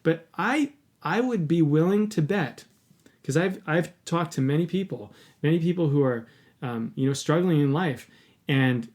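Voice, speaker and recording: A man's voice: a little high, expressive, normal speed, a little mellow. A man hosting a podcast, telling a personal story in an earnest, candid way and swearing casually. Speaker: podcast host.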